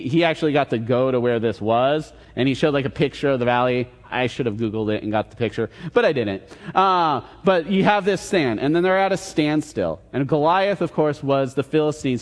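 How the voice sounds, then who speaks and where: Man preaching in a reverberant hall. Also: medium pitch. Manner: conversational, retells scenes in quoted dialogue. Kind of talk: casual sermon with Bible storytelling. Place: church hall. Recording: long reverb in a large hall.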